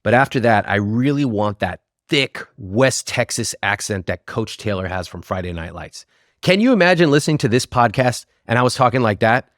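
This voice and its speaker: A man's voice: mid-range voice, expressive, normal speed, a bit bright, no room sound, studio quality. A man hosting a podcast, speaking alone to listeners in earnest, appreciative commentary. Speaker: podcast host. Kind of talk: reflective solo commentary to listeners.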